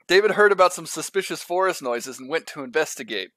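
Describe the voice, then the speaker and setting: A man's voice: fairly high pitch, lively intonation, quick pace, pushed and bright, no echo. A man co-hosting a casual comedy podcast, chiming in with playful jokes. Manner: joking interjections, playful. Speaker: podcast co-host.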